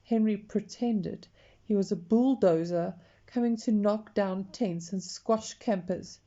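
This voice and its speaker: A woman reading a picture book aloud, expressive and talking to the listener. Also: medium pitch, dull audio. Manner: slow, expressive, talks to the listener. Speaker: storyteller.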